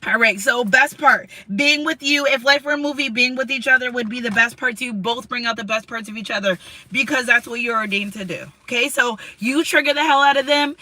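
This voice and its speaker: A woman's voice: high-pitched, sharp tone, no room sound, rough recording. A woman giving a tarot card reading to camera, talking in an emotional, repetitive, casual way with some swearing. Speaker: tarot reader.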